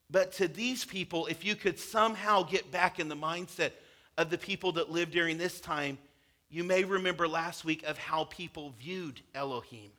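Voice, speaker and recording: Guy pastor preaching, chatty but emphatic, high bright voice. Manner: conversational, emphatic, acts out quotes. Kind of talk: sermon.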